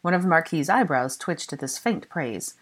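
A woman reading a fan-written novel aloud as narrator, expressive and unhurried. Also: low-pitched. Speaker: fan audiobook reader. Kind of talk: storybook narration.

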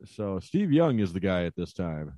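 A man co-hosting a casual podcast chat, relaxed and rambling with lots of fillers. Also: sits low, normal speed, dry recording. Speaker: podcast co-host. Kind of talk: casual wrestling review chat.

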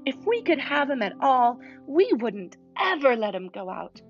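A woman voicing an eager, bustling older girl who is the big sister, talking brightly and exclaiming often. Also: high voice, very animated, moderate pace, dull audio, faint music behind, voice pushed up.

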